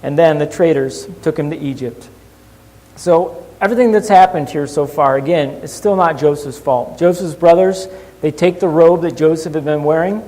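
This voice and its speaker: A male pastor telling a Bible story and a childhood story in a sermon, animated and shifting from hushed to lively. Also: on the high side. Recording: long hall reverb.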